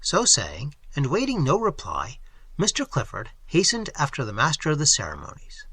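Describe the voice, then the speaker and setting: A man narrating an audiobook with expressive, measured storytelling. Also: fairly high pitch, husky, no room sound. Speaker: audiobook reader.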